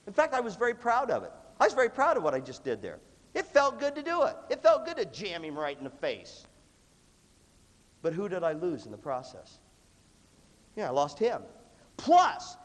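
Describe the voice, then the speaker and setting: A man giving a lively seminar talk to a live audience, telling stories and acting out the dialogue. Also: high-pitched. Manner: animated storyteller who acts out dialogue. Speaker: leadership seminar speaker. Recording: long hall reverb.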